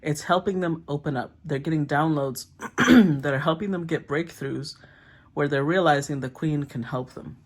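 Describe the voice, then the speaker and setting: A woman giving a casual tarot reading, thinking aloud, often clearing her throat and murmuring as she names the cards. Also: low-pitched, normal speed. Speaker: tarot reader.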